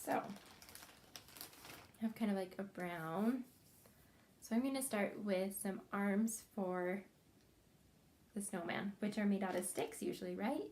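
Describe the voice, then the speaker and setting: A woman teaching a preschool craft lesson, speaking slowly, gently and encouragingly to young children as they follow along. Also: medium pitch, slight background noise.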